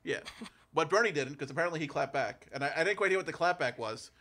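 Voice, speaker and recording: A man co-hosting a livestream, talking in a halting, stammering way. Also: fairly high pitch, animated, sharp tone. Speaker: co-host. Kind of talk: casual livestream commentary.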